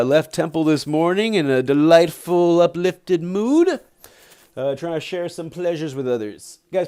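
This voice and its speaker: A man reads a book aloud on a live stream and breaks off into chatty, playful asides. His voice sits fairly high and swings through a lively, animated range of pitch. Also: clear, resonant tone.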